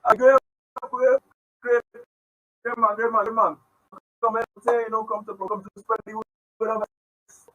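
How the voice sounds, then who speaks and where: A man, a guest performer chatting loudly and haltingly, repeating himself. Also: high voice, level tone. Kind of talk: casual live chat. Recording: dull, lo-fi remote audio.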